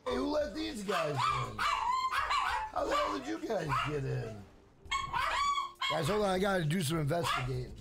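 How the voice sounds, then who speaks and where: A man's voice: sits high, big pitch swings, moderate pace, creaky, pauses often, loud music behind the voice. A man hosting a casual game livestream, talking loosely and profanely to his chat.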